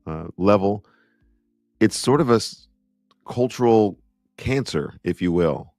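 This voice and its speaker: A man with a very low voice co-hosting a casual podcast chat. He teases his co-host playfully and leans on words for emphasis. The sound is dry and close, with faint music in the background. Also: expressive, slow pace, a little mellow, dry recording.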